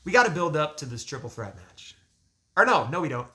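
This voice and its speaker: Bright-voiced young man telling stories. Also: on the high side, brisk. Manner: animated, laughs often, swears casually. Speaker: guest. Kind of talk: casual podcast storytelling.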